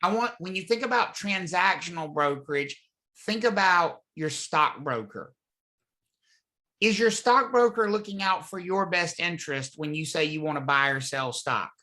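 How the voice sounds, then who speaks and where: A man's voice: high-pitched, lively intonation, normal speed, sharp tone. A man teaching a real estate class, talking conversationally and often asking the students questions. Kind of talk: live classroom lecture. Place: classroom or live online class.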